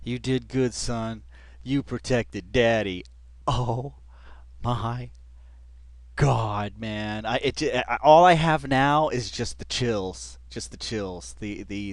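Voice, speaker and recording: A man's voice: lowish voice, no echo. A man giving casual reaction commentary, rambling with lots of fillers and bursts of laughter. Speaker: reaction video host.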